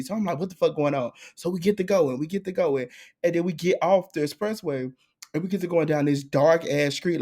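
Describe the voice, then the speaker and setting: A young man co-hosting a podcast, telling a story in casual chat and jumping into high, excited voices. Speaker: podcast co-host.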